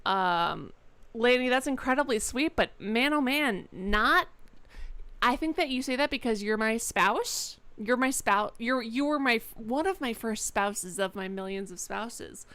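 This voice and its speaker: A woman's voice: on the high side, animated, a little slow, sharp tone, clear, resonant tone. A young woman livestreaming a game, chatting candidly and rambling to viewers, swearing freely, into a desk microphone. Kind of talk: casual live-stream chat while gaming.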